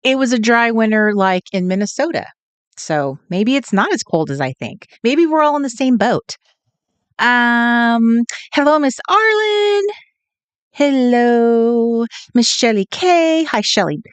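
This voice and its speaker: Giggly california woman greeting viewers on her craft stream, kinda high voice. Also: sing-song, takes it slowly, clear, resonant tone, dry recording. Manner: chatty, giggly, sing-song greetings. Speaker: craft livestream host. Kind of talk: casual livestream chat, greeting viewers. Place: home, at night.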